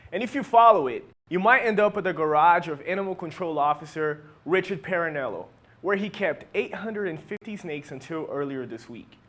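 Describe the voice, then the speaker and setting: A man reading offbeat news items as an anchor. His voice sits a little high, and he delivers the script with a wry, jokey touch. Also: fairly bright tone.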